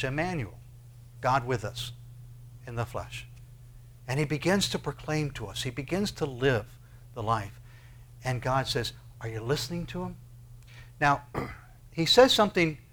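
A pastor preaching a sermon, asking his listeners question after question and swinging between hushed, slow passages and loud, rising ones. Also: mid-range voice.

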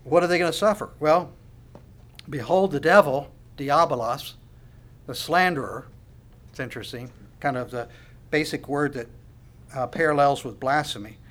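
A man preaching a sermon with passion, dropping to hushed asides and building to loud declarations. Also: on the high side, moderate pace, pauses often. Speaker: pastor.

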